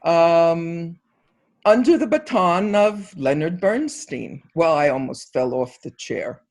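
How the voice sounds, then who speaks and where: A speaker in their seventies telling family stories slowly on a video call, laughing at times. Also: mid-range voice, animated. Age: 70s. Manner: slow, unhurried storyteller with a warm laugh. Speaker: panel speaker. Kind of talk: personal storytelling on a video call.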